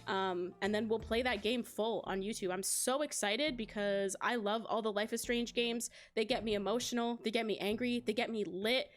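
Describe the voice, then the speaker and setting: A woman's voice: fairly high pitch, normal speed, hardly any pauses, soft background music. A young adult woman streaming, chatting casually with her viewers and telling a story with lots of laughter. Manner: animated storytelling, laughs often, addresses chat.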